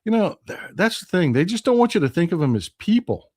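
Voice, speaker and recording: A man with a Texan accent hosting a casual political live stream, reading viewer comments and swinging from loud outrage to quiet, hushed replies. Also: sits high, very animated, brisk.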